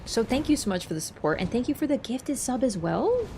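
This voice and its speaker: A woman's voice: fairly high pitch, sing-song, brisk, noisy background. A young woman from Canada chatting casually with her livestream viewers, rambling with lots of fillers. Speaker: streamer.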